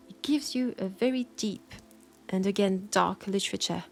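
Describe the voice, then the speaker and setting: A soft-spoken woman with a French accent answers listener questions at a measured, thoughtful pace, pausing with small hesitations. Her voice sits at an ordinary middle pitch. Faint music plays softly behind her. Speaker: audio roleplay creator answering listener questions. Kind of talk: Q&A talk.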